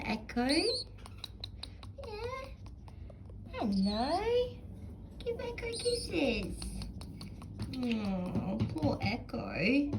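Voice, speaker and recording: A woman's voice: very high voice, a little mellow, slight background noise. A woman cooing to her pet parrots in sing-song baby talk for a casual vlog. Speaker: pet owner vlogger.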